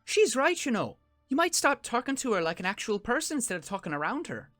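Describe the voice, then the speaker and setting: A man voicing a bossy young female dwarf student in a tabletop game, brisk and chiding. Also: extremely high pitch, sing-song, fairly bright tone, no echo, soft background music, exaggerated voice.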